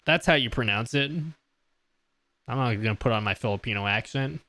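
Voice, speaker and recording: A man's voice: mid-range voice, normal speed, pushed and bright, no echo. A man live-streaming a casual question-and-answer session, joking, laughing and reading his chat aloud from a close desk mic. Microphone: close desk mic on an audio mixer.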